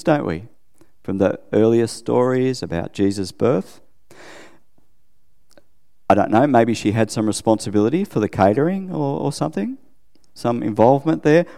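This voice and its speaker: A man's voice: medium pitch, creaky, dark tone, in a large hall. Chatty Australian man preaching. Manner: chatty, self-deprecating, asks listeners questions. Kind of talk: conversational sermon.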